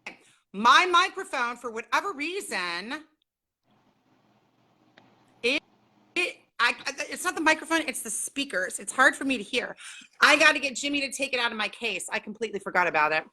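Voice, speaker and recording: A woman's voice: high voice, lively intonation, moderate pace, pauses often, pushed and bright. A chatty, bubbly middle-aged woman from Southern California, hosting a casual livestream from home and greeting viewers by name. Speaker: livestream host.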